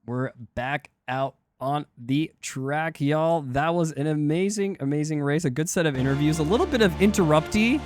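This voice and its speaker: A man hosting a sim racing league live stream, rambling excitedly and talking to his chat. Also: a little high, moderate pace, hardly any pauses, faint music behind. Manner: hyped, rambling, talks to chat. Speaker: streamer and race league host. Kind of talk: casual live-stream commentary.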